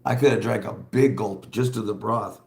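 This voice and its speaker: A man's voice: fairly low pitch, fairly even intonation, normal speed, gravelly, a little mellow, echoey room. A man hosting a casual livestream, chatting bluntly and rambling, laughing often and reading viewer comments aloud. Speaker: livestream host.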